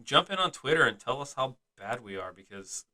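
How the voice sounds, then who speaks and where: A man's voice: medium pitch, very animated, a little fast, bright, forceful tone, slight background noise. A man co-hosting a casual podcast, teasing his co-host and laughing often, with a slight Southern twang. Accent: slight American Southern twang.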